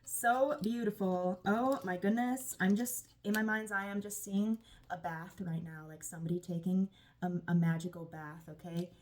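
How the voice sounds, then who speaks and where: Woman tarot reader, warm affirmations, soft-spoken with sighs, lower-pitched. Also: fairly even intonation, normal speed. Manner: gushing, affirming, sighs often. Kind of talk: channeled tarot reading.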